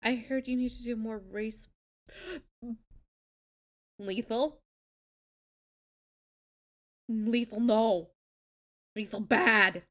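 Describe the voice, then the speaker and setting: A young woman hosts a casual live stream, her voice sitting a little high. She chats loosely with her viewers and swears freely as she reacts to their tabletop stories. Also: animated, takes it slowly, pauses often, fairly bright tone. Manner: chatty, swears freely, reacts with gasps and laughs. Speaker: streamer host.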